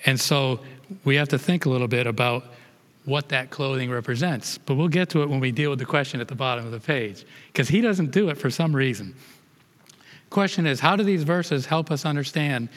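A man's voice: medium pitch, a bit bright. Give me a man leading a Bible lesson, rereading and restarting verses, in a reverberant hall. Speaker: Bible study teacher.

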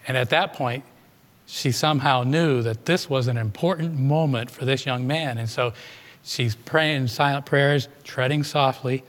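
A man's voice: mid-range voice, measured pace. Preacher man in a reverberant hall. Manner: retells a story with asides to the congregation. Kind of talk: sermon storytelling.

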